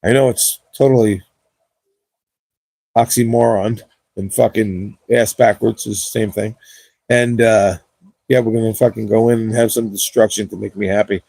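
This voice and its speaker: A man's voice: on the low side, steady tone, moderate pace, gravelly, pauses often, mellow, breathy edge, dry recording. A young man chatting casually at the end of his gaming livestream, laid-back, rambling and cursing often, on a cheap wireless mic.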